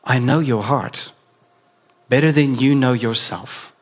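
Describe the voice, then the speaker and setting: A man voicing Jesus as a calm, knowing teacher, speaking slowly and solemnly in a lower voice.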